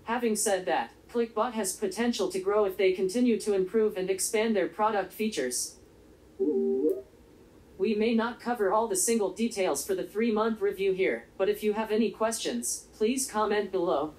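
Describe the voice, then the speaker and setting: This is a synthetic, female-sounding robot voice with a monotone delivery. It narrates a scripted review in formal, polite phrasing, keeping an even pace at a middle pitch. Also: normal speed, rough recording.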